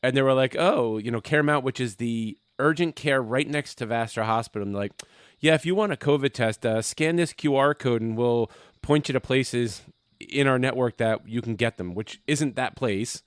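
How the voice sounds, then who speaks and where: Young male co-host with a smooth voice, profane casual storyteller. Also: medium pitch, moderate pace, no echo, clean studio sound. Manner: profane storytelling, acting out quoted people. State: recovering from covid. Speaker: podcast co-host. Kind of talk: casual chat. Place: home basement.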